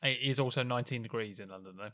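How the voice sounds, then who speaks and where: A man's voice: mid-range voice, racing, pushed and bright, no room sound, clean studio sound. A young man co-hosting a podcast, upbeat and teasing in a casual chat. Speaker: podcast co-host.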